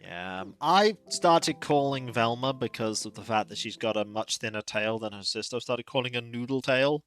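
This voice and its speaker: A streamer giving relaxed, chatty commentary while playing a cozy game. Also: medium pitch, normal speed. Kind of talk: casual gaming commentary. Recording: faint game music behind.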